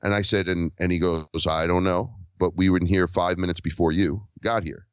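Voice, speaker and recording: A man's voice: low-pitched, moderate pace, smooth, no echo. A man telling a story in casual conversation as a podcast guest, acting out the lines of the people in it. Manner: animated, acts out quoted dialogue. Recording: dull lo-fi dry recording.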